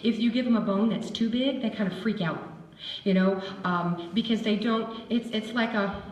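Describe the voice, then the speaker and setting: A woman giving a lively, chatty seminar talk on dog behavior to a live audience. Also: medium pitch, normal speed, distant mic, muffled recording. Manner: animated and chatty, acts out dog voices. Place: seminar hall. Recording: echoey room with faint ambience.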